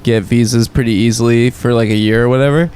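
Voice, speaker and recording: A man's voice: mid-range voice, fairly even intonation, fast, a little mellow, clean tone. A man co-hosting a comedy podcast, telling laid-back anecdotes in casual banter. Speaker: podcast co-host.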